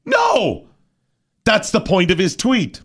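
A man's voice: a little high, lively intonation, moderate pace. A man hosting talk radio, ranting in a mock-dramatic, theatrical way. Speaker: radio host.

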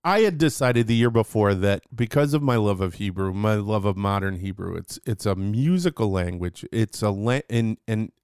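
A man's voice: on the low side, normal speed, hardly any pauses, darkish tone, clear, resonant tone, no room sound, clean studio sound. A man co-hosting a casual podcast, chatty and jokey, rambling with restarts as he tells stories. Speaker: podcast co-host.

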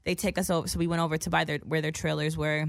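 Brief: young woman, rapid casual storytelling full of swearing, dry close sound. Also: deep voice, gravelly, no room sound. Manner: profane, animated, acts out other people's lines. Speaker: guest telling a story.

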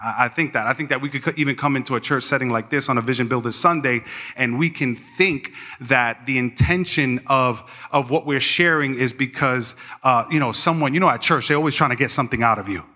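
A man's voice: mid-range voice, brisk. A man, a pastor, giving a conversational sermon full of stories, acting out the people in them as he goes. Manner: animated storyteller, acts out quoted voices. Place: church. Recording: long church hall reverb.

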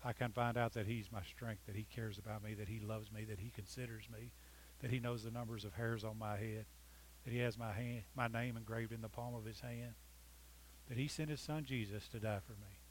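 At a fairly quick pace and in a lowish, steady voice, a pastor preaches, lending scripture dramatic weight and joking with the people listening. He shifts between loud, pleading passages and soft, intimate ones. There's a little hiss or hum, and the audio is poor.

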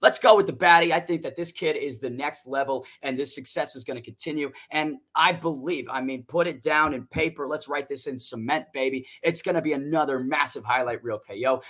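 A man's voice: mid-range voice, fairly bright tone. A man co-hosting a casual podcast, giving loose, confident fight predictions and swearing freely. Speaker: co-host picking fights. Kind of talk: casual sports predictions chat.

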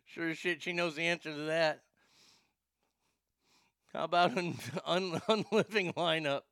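A man's voice: on the high side, fairly even intonation, a little slow, a bit bright, clean tone, no room sound, studio quality. A man hosting a talk show, pranking a call center and joking about it afterward with stammering restarts. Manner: jokey, giggly, stammering restarts. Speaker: show host making prank calls.

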